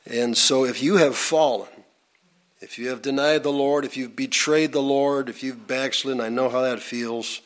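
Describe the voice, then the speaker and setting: A man at an ordinary middle pitch leads an informal Bible teaching, chatting through it in a folksy way. He drops in asides and fillers, then suddenly lifts his voice to stress a name or a point. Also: steady tone, moderate pace. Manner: folksy and conversational, with pitch jumping up for emphasis.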